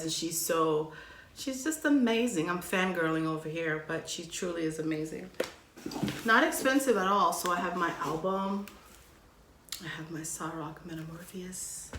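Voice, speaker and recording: A woman massage therapist hosting her own channel, gushing with excitement through a casual unboxing vlog full of slang. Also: fairly low pitch, echoey room, slight background noise.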